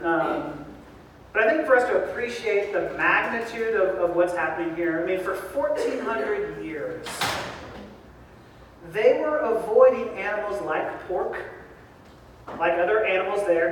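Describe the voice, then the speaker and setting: A man preaching a sermon as pastor, lively and joking, recorded from a distance in a large church hall. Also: high-pitched, a little hiss or hum. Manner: lively, joking preacher who acts out voices. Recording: echoey hall from far off.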